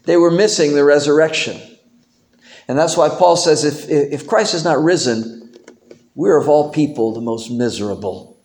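A man preaching a sermon in a church, animated and emphatic, with homely humor. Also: fairly high pitch, moderate pace. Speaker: pastor. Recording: roomy echo.

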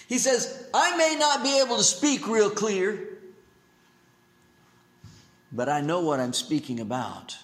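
A male pastor preaching a sermon in an animated way, his pitch swinging up and down as he acts out quotes. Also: measured pace, long pauses. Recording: echoey room.

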